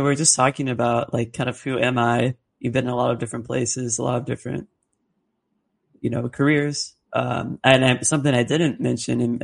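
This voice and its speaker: A man co-hosting an interview, asking a guest questions in a measured way with many "you know"s. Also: mid-range voice, gravelly. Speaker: co-host.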